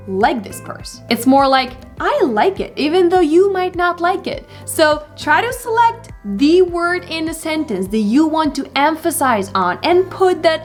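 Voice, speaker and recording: A young woman, not a native English speaker, runs a casual online pronunciation lesson in a fairly high voice. She is encouraging and slows down over each example word. Faint music plays under her. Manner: encouraging, deliberate with example words.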